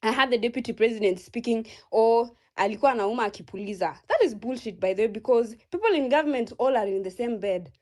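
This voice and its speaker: A woman's voice: a little high, fast, few pauses. A woman with a Kenyan accent giving a furious, profane protest speech in an online audio space, rallying listeners.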